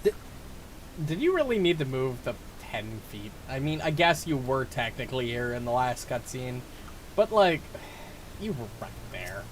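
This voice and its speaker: A man's voice: mid-range voice, very animated, normal speed, slight background noise. A young man chatting casually while streaming a game, rambling and restarting his sentences. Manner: rambling, self-interrupting, laughs at the game. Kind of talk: casual live gameplay chat.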